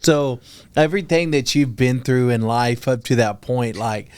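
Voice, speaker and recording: A male podcast host sums up his guest's story in a slow, measured interview style. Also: medium pitch, darkish tone, clean tone, no echo.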